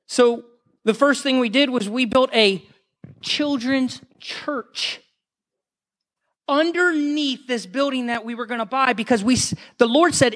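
A man preaching a sermon to a congregation, telling a story with passion and rising at times to shouts. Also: very high-pitched, measured pace. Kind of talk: sermon testimony.

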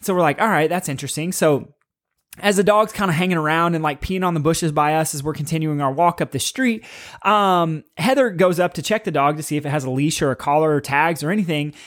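A man's voice: fairly high pitch, brisk. A man in his thirties hosting a podcast, telling a personal story in a candid, self-critical, rambling way. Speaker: podcast host, father. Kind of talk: casual storytelling monologue.

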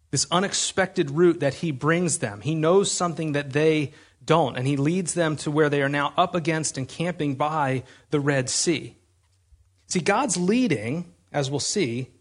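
A man delivering a sermon in a husky voice that sits fairly high for a man. He speaks conversationally and with emphasis, often doubling back to restart a phrase. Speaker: preacher.

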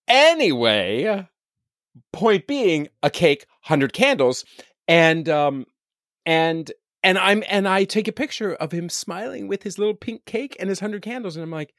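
A man co-hosting a parenting podcast in casual chat, rambling and gentle. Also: sits high, sing-song, a little slow, dry recording, clean studio sound. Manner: rambling, restarts, gentle and chatty. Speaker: podcast co-host.

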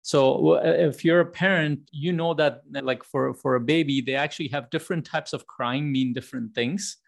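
A man's voice: a little high, fairly even intonation, normal speed, vocal fry. A man in his thirties hosting a podcast, talking in a casual, rambling way with frequent restarts. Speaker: podcast host.

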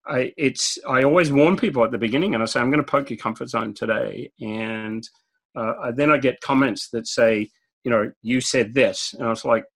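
A man's voice: medium pitch, normal speed, a bit bright. A man with an Australian accent, a guest speaker telling stories in a direct, talkative way and laughing at his own jokes. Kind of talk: conversational storytelling interview.

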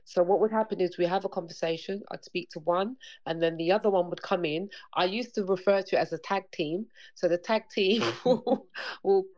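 A woman's voice: on the low side, normal speed, darkish tone. A woman, guest on an interview show, talking earnestly about parenting and acting out bits of dialogue. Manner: earnest, repetitive, acts out dialogue. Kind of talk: conversational interview. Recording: dull lo-fi sound.

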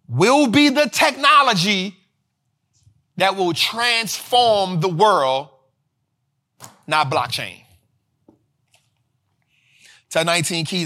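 A man hosting a finance show, talking in energetic casual commentary, slangy and animated, repeating lines for emphasis. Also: sits high.

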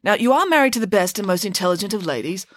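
A woman's voice: medium pitch, expressive, racing, no room sound, clean studio sound, natural voice. A woman voicing a sensible, cautious male sidekick who reasons politely. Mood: wary.

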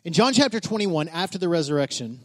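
Brief: male pastor, high voice, animated sermon storyteller. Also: fast talker. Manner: animated storyteller, builds to shouting.

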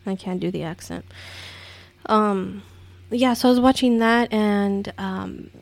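A woman's voice: medium pitch, slow pace, creaky, no room sound. A woman hosting a casual commentary podcast, rambling and exasperated, with many fillers and restarts. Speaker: podcast host.

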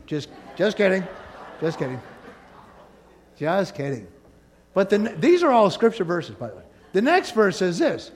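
A male pastor delivering a sermon in a high, lively voice that rises and falls freely. He keeps it conversational and playful, slipping jokes between points. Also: a little slow, long pauses. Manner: joking, animated, conversational.

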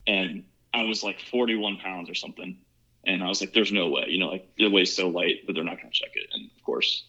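A man's voice: low-pitched, brisk, pushed and bright. A young man from Ohio, telling a story as a podcast guest in a rambling, casual way, full of "like" and "you know". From Ohio, USA. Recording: muffled lo-fi recording.

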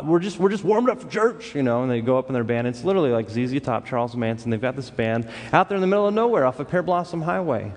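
A man from Los Angeles telling a story in a sermon, acting out the voices of the people in it. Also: medium pitch. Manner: animated storyteller who acts out quoted voices. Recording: long hall reverb.

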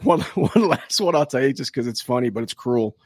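A man co-hosting a podcast, a former police officer telling stories in a relaxed chat, laughing often and acting out the people he quotes. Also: mid-range voice, fairly quick, breathy edge, no room sound. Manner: laid-back, laughs often, acts out quotes. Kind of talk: casual storytelling chat.

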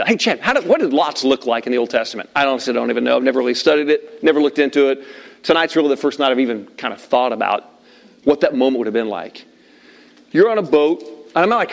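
A middle-aged man preaching to a room of listeners at tables, telling a story in a lively way and acting out the lines he quotes. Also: mid-range voice, creaky. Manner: animated storyteller, acts out shouted quotes. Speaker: pastor. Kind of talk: sermon with personal story.

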